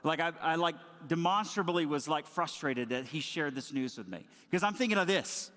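A man preaching a sermon, opening with a lively personal story and keeping a conversational tone with casual fillers. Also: on the high side, moderate pace, long reverb tail. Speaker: pastor.

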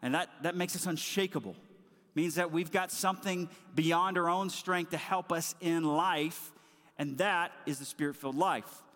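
A man preaching a sermon, opening with a lively personal story and keeping a conversational tone with casual fillers. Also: a little high, moderate pace, big-room sound. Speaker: pastor.

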